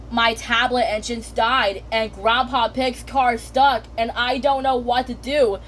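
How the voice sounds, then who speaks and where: A woman retelling cartoon scenes, excited and gasping, linking events with "and then". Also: a little high, a little slow, hardly any pauses, a little hiss or hum.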